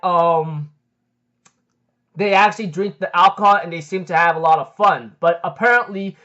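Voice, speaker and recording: A man's voice: sits high, a bit bright. A young man casually recapping an anime episode, rambling with many fillers like um and like. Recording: dull lo-fi recording.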